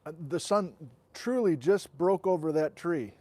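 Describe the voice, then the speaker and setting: A man's voice: on the high side, expressive, unhurried, dark tone, no echo. A man hosting a casual outdoor livestream, chatting and greeting viewers as he reads out where they are from, on a wireless mic. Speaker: host. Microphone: wireless transmitter and receiver.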